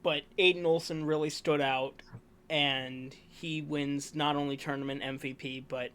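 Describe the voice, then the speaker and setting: A man's voice: on the high side, fairly even intonation, a little slow, a bit bright, clean tone. Rambling young-sounding man hosting awards. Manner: rambling, self-correcting, enthusiastic about players. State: hiccuping. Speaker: co-host presenting awards. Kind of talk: casual sports review chat.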